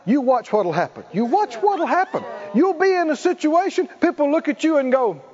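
A man's voice: very high voice, big pitch swings, moderate pace, darkish tone, long reverb tail. A man preaching a sermon, leading the congregation in call-and-response and laughing between points. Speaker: pastor. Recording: muffled church recording.

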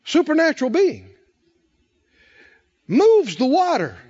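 A man preaching a sermon, drawing the congregation in with questions and emphatic, drawn-out phrases. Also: very high voice, huge pitch swings, darkish tone, muffled recording. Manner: call-and-response preaching, rising and falling emphasis, drawn-out phrases.

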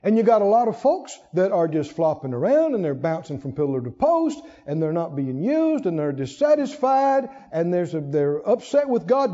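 Animated high-voiced preacher in a reverberant hall. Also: male voice, moderate pace, hardly any pauses. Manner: animated, swinging between high emphatic bursts and low quiet asides; acts out quoted prayers and God's words in raised voice. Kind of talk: sermon. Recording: dull lo-fi sound with long hall reverb.

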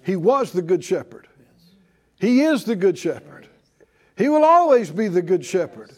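Speaking at normal speed in a high, sing-song voice, a man delivers a call-and-response sermon to a church congregation. He calls out questions and hammers key phrases through repetition.

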